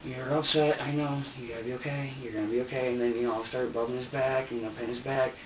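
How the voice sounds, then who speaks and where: A man's voice: medium pitch, steady tone, quick pace, narrow, tinny audio, slight background noise. Distant man in an echoey interrogation room. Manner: rambling and repetitive, acting out his own words. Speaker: man being questioned by police. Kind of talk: recounting events during a police interrogation. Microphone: room surveillance microphone.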